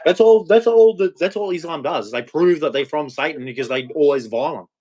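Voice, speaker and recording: A man's voice: fairly high pitch, expressive, a little fast, darkish tone, breathy edge. An Australian man hosting a livestream, ranting angrily and emphatically as he repeats words. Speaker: livestream host. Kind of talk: heated solo rant.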